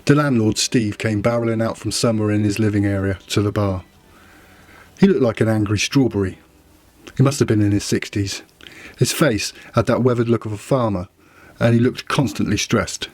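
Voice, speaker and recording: A man's voice: on the low side, steady tone, normal speed, darkish tone. A man narrating a novella trailer with dry, wry storytelling. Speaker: audiobook narrator. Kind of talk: scripted narration.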